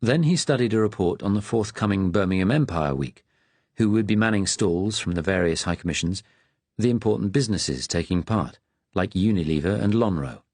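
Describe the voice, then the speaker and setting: A man reading an audiobook in a measured, even narrating manner. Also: deep voice, breathy edge, no echo.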